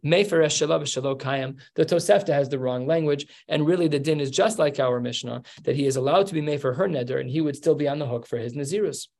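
A man's voice: a little high, vocal fry, darkish tone. Man teaching a Talmud class. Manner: explains step by step, acts out quoted lines. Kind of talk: Talmud lesson.

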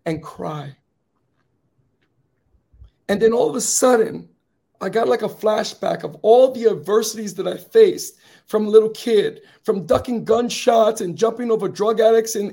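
A man with a fairly high, gravelly voice tells his own story as an interview guest. He speaks earnestly, dropping quiet and grave in the hard moments and rising to rousing encouragement. A slight rasp runs through his voice. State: slightly raspy. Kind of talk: telling a personal story.

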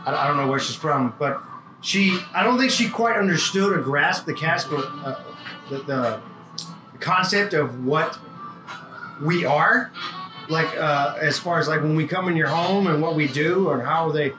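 A man with a fairly high voice tells a work story in a loose, animated way, swearing as he goes. The sound is roomy and echoey. Music plays clearly behind him. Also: a little slow. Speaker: podcast co-host telling a work story. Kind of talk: casual chat.

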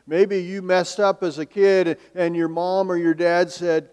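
A male pastor delivering a sermon in a slightly higher-than-usual voice. He moves between emphatic and hushed passages and fills them with rhetorical questions. His voice carries a long reverb, as if from a large church hall. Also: level tone, a little slow, few pauses, clean tone.

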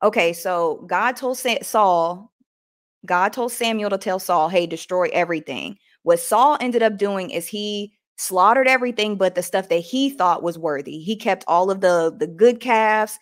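A woman's voice: medium pitch, measured pace. A woman podcast host reading scripture aloud, stumbling and correcting herself, then retelling the scenes in casual everyday words. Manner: reads aloud with frequent restarts and self-corrections. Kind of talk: devotional reading with casual commentary.

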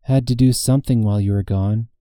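A man voicing a hushed, flat-toned young witch girl. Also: lowish voice, quick pace, no echo, clean studio sound, lightly acted. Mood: soft monotone. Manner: flat monotone, soft and soothing. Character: starved young female novice witch, quiet.

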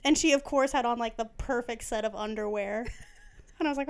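A woman's voice: on the high side, a little fast, clean tone. A woman co-hosting a podcast, telling a rambling story with frequent giggles in casual chat. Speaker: podcast co-host.

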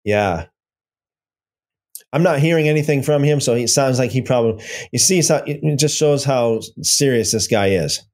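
A man's voice: medium pitch, normal speed, darkish tone. A man hosting a casual livestream, rambling and taunting, repeating himself as he reads viewer comments. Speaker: livestream host.

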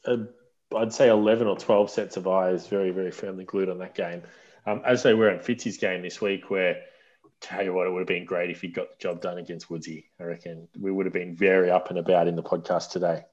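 A man hosting a podcast in casual chat, talking in a relaxed, rambling way with fillers. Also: deep voice, brisk. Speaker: podcast host. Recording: dull lo-fi sound.

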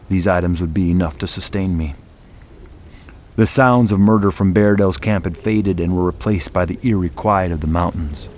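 Deep-voiced man narrating grim horror. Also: a little mellow, a little hiss or hum. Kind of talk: scripted first-person horror narration.

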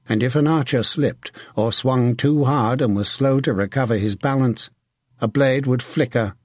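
Audiobook narrator, man, husky and steady, dry close recording. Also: medium pitch, no room sound. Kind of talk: scripted narration.

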